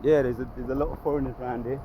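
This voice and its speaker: A man preaches outdoors in a medium-pitched voice. His delivery is emphatic and repetitive, and he restarts often as he works through his point. Traffic passes faintly behind him. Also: fairly even intonation, very fast. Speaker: street preacher. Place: outdoors, by a lake.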